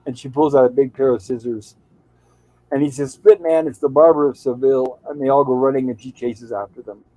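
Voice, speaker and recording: A man's voice: medium pitch, fairly even intonation, a little fast, darkish tone, dry recording, low-quality recording. A man hosting a casual show, retelling an old TV episode and reading out its lines in a loose, chatty way. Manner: reads out quoted lines in a loose, chatty recap. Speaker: show host.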